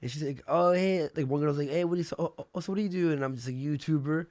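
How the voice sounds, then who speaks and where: A man hosting a casual livestream, telling stories in an animated way, swearing and acting out the people he quotes. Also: on the high side, fast, no room sound, clean studio sound. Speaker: stream host.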